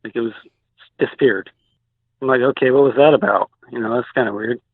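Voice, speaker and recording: Over a dry, tinny phone line, a man with a creaky, medium-pitched voice and a Pacific Northwest American accent speaks a little fast. As a guest on an interview show, he recounts a sighting in a casual, rambling way, full of "likes" and restarts.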